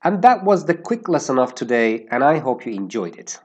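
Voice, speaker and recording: A man teaching an English lesson, explaining word use slowly and carefully and stressing how words sound. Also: medium pitch, big pitch swings, darkish tone, muffled recording.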